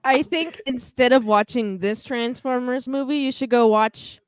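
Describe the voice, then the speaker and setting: A woman's voice: fairly high pitch, a little slow, clear, resonant tone, no echo. A woman joining a casual live-streamed chat, playful and teasing.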